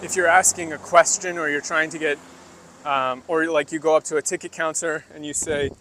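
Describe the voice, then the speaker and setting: A man talking casually to a livestream audience as he walks a rural path near the woods. His voice sits a little high and his delivery is loose and conversational. Crickets and insects chirp around him. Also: fairly even intonation, fairly quick, fairly bright tone, slight background noise. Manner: chatty, loose and conversational, demonstrating Japanese phrases. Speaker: vlogger livestreaming while walking. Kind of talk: casual livestream chat while walking, answering chat.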